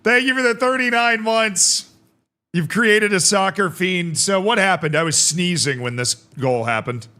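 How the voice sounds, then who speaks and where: A male streamer talks his chat through a football management match with quick, excitable reactions and jokes. His voice is bright and forceful and sits a little high for a man. His delivery is animated. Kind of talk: live gameplay commentary.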